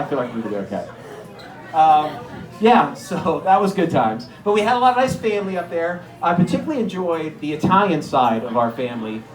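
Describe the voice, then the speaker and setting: A male stand-up comedian with a fairly high voice, telling stories in a loose, conversational, self-deprecating way. He is recorded in a roomy space with a strong echo. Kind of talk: stand-up routine. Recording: echoey room.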